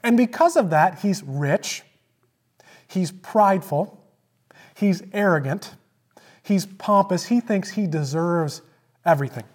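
A pastor preaching a sermon, retelling a story with emphatic repetition and swings from loud emphasis to hushed asides. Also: mid-range voice, lively intonation, slow pace, pauses often.

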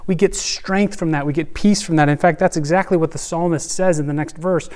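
A man's voice: fairly high pitch, fairly even intonation, normal speed. Earnest man preaching a sermon. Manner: earnest, swings between soft hushed lines and rising emphasis. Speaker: pastor.

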